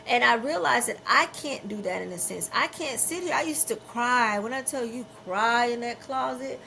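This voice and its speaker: A woman's voice: fairly high pitch, moderate pace, creaky, sharp tone, slight background noise, rough recording. A middle-aged woman hosting a podcast, talking in a candid, emphatic and unfiltered way, often repeating herself for weight. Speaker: podcast host.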